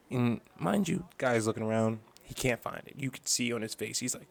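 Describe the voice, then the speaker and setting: A man's voice: medium pitch, expressive, moderate pace, creaky, hardly any pauses. A man vlogging an angry, profane rant about a bad customer experience, telling the story in a heated, exasperated way.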